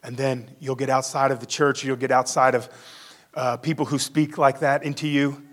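A man's voice: medium pitch, flat delivery, moderate pace. A male pastor giving a conversational sermon, acting out the quotes he reads.

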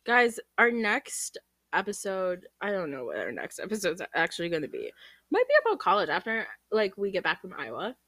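A woman's voice: mid-range voice, sing-song, fairly quick, fairly bright tone, no room sound. A young woman from the Midwest co-hosting a podcast, chatting casually, laughing often and drifting off on tangents. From American Midwest. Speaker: podcast co-host. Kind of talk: casual chat.

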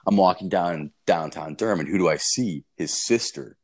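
A man's voice: sits low, normal speed, slightly rough. A young man telling a long, profane, rambling story in casual chat.

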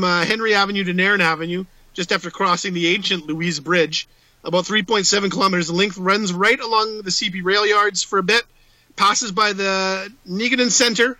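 A man's voice: sits high, pushed and bright, dry recording, poor audio. A man co-hosting a podcast, reading out facts with playful asides in casual chat. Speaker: podcast co-host.

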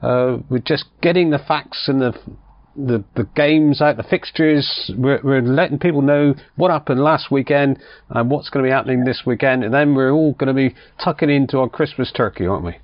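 A man's voice: medium pitch, normal speed, no echo. A man co-hosting a casual football podcast, chatty and joking, laughing easily with his co-host. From Cornwall. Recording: dry, dull lo-fi sound.

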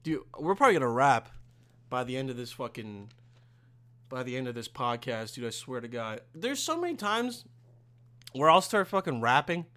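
A young man hosting a casual solo podcast, rambling and swearing freely, with sudden loud outbursts. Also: mid-range voice, sing-song, normal speed. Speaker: podcast host.

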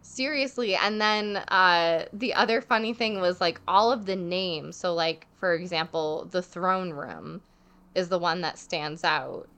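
A woman's voice: lowish voice, unhurried, smooth. A young woman telling a travel story in casual chat, full of "like" and acted-out quotes. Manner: chatty, heavy filler "like", animated quoting.

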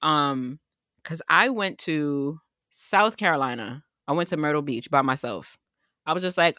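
A young woman from New tells stories in a loose, casual chat. She is animated and slips into the voices of the people she quotes. Her voice sounds close and dry. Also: low-pitched, measured pace, dry recording. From New York.

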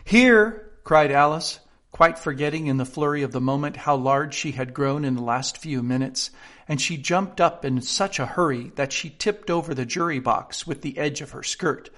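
A man narrating a classic children's book aloud in a steady, expressive storytelling manner. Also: medium pitch. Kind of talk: audiobook narration.

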